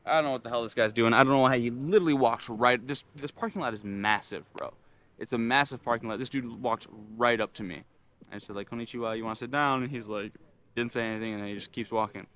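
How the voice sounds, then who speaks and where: A young man rants through a storytime vlog, cursing freely and getting worked up as he talks. His voice sits in an ordinary middle pitch. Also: fast. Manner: animated, swearing, frustrated ranting. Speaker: vlogger.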